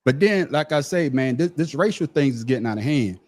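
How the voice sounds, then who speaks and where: A man's voice: medium pitch, expressive, brisk. A middle-aged man on a podcast panel telling a story in casual chat, profane and emphatic, repeating his words as he starts a thought.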